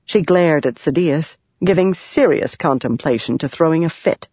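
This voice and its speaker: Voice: mid-range voice, moderate pace, darkish tone, breathy edge, dry recording. Dry, dull-sounding audiobook narrator. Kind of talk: scripted narration.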